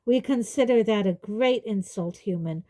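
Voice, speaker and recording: A woman voicing a proud male centaur who speaks slowly and gravely. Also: medium pitch, mellow, natural voice. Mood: disdainful. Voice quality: slow, stately, grave.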